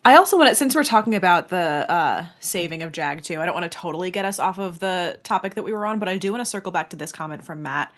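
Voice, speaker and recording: A woman's voice: fairly low pitch, quick pace, few pauses. A woman co-hosting a reality TV podcast, laying out her points in emphatic, clipped lists with a casual, chatty delivery. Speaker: podcast co-host. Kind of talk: casual chat.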